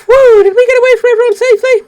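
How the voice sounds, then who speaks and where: Man doing a squeaky excitable ship girl. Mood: dramatic. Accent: English. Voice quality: shrill, over-the-top falsetto. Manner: deliberately silly high-pitched voice. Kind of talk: game dialogue read-along on stream. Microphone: streaming microphone.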